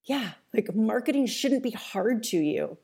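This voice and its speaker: Mellow-voiced woman coaching casually. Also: a little high, animated, unhurried, vocal fry, slightly rough. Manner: casual and chatty, many fillers and mild swearing. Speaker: online business coach. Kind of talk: webinar training talk.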